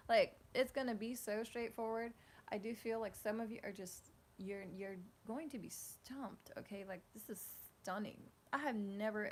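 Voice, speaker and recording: A woman's voice: medium pitch, normal speed. Woman, tarot reader, casual rambling talk, lots of fillers, faint fan noise. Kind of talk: casual tarot reading to camera. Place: home room with a fan running. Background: faint fan hum.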